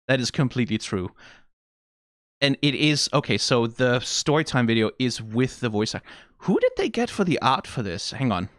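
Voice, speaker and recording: A man from Denmark hosting a casual reaction video, animated and exclaiming, swearing now and then and laughing. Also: mid-range voice, normal speed, no echo, clean studio sound.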